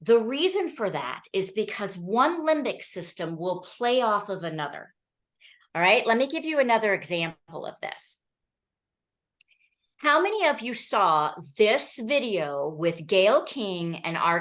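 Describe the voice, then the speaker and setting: A woman giving a training talk to an audience, telling stories in an animated way and often checking in with "okay?" and "right?". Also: medium pitch, a little slow. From Colorado.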